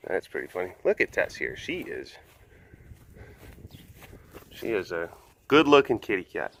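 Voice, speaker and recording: A man hosting a casual vlog outdoors at an animal compound, rambling playfully with lots of fillers and cooing softly at the animals. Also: low voice, huge pitch swings, measured pace, vocal fry, pauses often, a little hiss or hum. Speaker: host.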